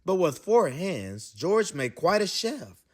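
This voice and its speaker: A man reading a children's picture book aloud with expressive delivery and playful slang asides. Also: high voice, takes it slowly. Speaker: read-aloud narrator.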